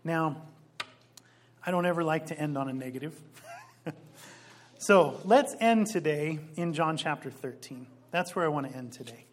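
Male pastor, sermon delivery, slightly high voice, emphatic, slows hard on key phrases. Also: lively intonation. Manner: rises loud on quoted scripture.

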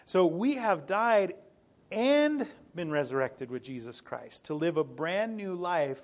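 A man's voice: a little high, sing-song, unhurried. A middle-aged man preaching a sermon as pastor, earnest and emphatic, repeating key phrases and breaking into small laughs. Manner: frequent small laughs and restarts.

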